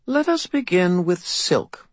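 A man's voice: high voice, sing-song, takes it slowly, no echo, pitched above the performer's own voice, full character voice. A haughty, ageless fairy godmother , as a man puts her on, arch and commanding in a storybook reading. The voice sits well above a man's usual range and sounds a touch distant, fussing grandly over every detail. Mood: appraising. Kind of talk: audiobook character voice.

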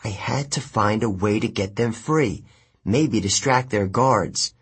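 A man narrating an adventure story in the first person, measured and expressive. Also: fairly low pitch, husky. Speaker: audiobook narrator.

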